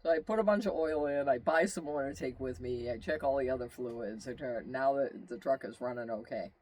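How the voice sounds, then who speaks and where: A man telling a long road-trip story in casual, rambling storytelling, animated, with asides and exclamations. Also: medium pitch, a little fast, a little hiss or hum. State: tired. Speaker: vlogger telling his travel story.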